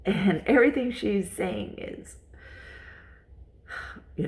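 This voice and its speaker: A woman's voice: fairly low pitch, expressive, slow, creaky, long pauses, darkish tone. A woman vlogger telling a personal story in a casual, rambling way, repeating herself and using lots of fillers.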